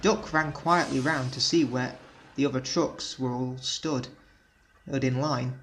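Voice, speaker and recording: A man reading a children's storybook aloud in a measured, plain narrating voice. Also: mid-range voice, steady tone, fairly bright tone, slight background noise. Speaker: storybook reader.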